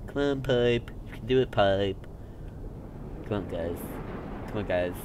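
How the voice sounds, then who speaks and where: A man's voice: fairly low pitch, measured pace, background noise. A young man making goofy let's-play commentary, full of silly nonsense words and sudden outbursts. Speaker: gamer.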